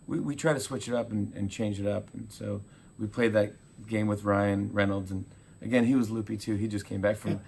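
A man in his forties, a talk show host being interviewed, telling animated stories and acting out quotes. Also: lowish voice, a little fast, gravelly, a little hiss or hum. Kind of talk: casual interview chat.

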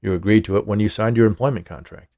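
A man voicing a smug, menacing male company boss who talks in a smooth, condescending way, in a storybook reading. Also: lowish voice, fast, mellow, no echo, clean studio sound, natural voice.

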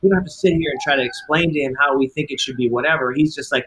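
Fast-talking, bright-voiced man telling a story. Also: mid-range voice, slight background noise, low-quality recording. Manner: fast, animated storyteller acting out quotes. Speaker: film director, guest. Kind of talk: casual interview storytelling.

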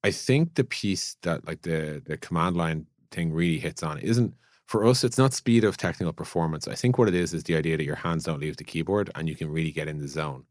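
A man's voice: very deep voice, fairly quick, darkish tone, no room sound, studio quality. A man co-hosting a podcast, chatting casually about product ideas and thinking aloud with lots of fillers and restarts. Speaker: podcast co-host, product leader. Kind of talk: casual conversational podcast chat.

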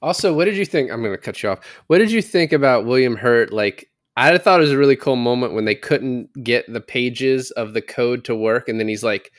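A man co-hosting a casual movie review podcast, animated and profane, slipping into mocking voices of characters. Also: mid-range voice, brisk, hardly any pauses, no echo, clean studio sound. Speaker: podcast co-host.

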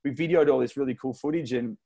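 Male podcast guest in his twenties, Australian accent, from Melbourne. Excitable, slangy storyteller who acts out other people's lines. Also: medium pitch, fast, creaky. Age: 20s. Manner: excitable, slangy, tells stories with lots of retold dialogue. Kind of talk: casual interview storytelling.

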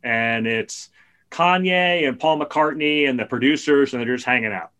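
A man on a podcast, telling a long story in a casual, animated way. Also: mid-range voice, normal speed, clean tone. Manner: animated storyteller, gets excited and loud at punchlines. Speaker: podcast co-host. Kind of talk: casual chat.

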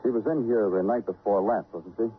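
An actor playing a terse hard-boiled police detective who asks clipped, probing questions, in a 1950s radio drama. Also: male voice, fairly low pitch, fairly quick, slightly rough. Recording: tinny old radio broadcast.

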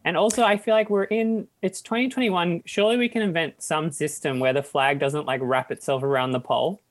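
A woman's voice: low-pitched, fairly even intonation, brisk. A woman in a casual chat, easygoing and laughing lightly as she talks.

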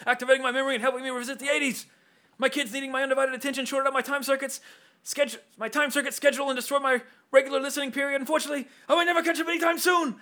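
A high, frantic voice of an eccentric older inventor, as a podcast host puts him on. He rushes through every line, bursting with breathless excitement. The tone is bright and forceful. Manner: high, hurried, exclamatory reading.

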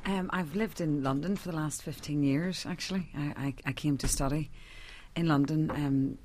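A woman's voice: low voice, fairly even intonation, a little mellow. A woman from Belfast with a Northern Irish accent, a stage actress being interviewed, friendly and chatty. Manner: friendly, quick to laugh, chatty. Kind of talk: casual interview chat.

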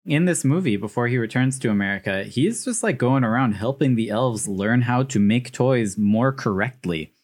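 A man's voice: medium pitch, expressive, moderate pace, few pauses, darkish tone. A man co-hosting a podcast, casually and playfully arguing a tongue-in-cheek movie theory, laughing often. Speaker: podcast co-host. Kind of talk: casual chat, joking movie analysis.

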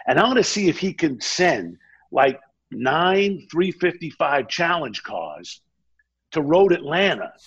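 A man telling a long anecdote in a casual chat, animated and often quoting the people in his story. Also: a little high, husky, dull audio. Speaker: guest.

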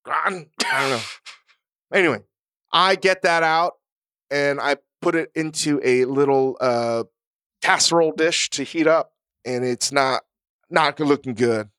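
Smooth-voiced man, blunt and profane. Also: fairly high pitch, a little slow, pauses often, bright, forceful tone, dry recording, studio quality. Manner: blunt, profane, self-mocking. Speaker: podcast co-host. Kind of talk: casual chat.

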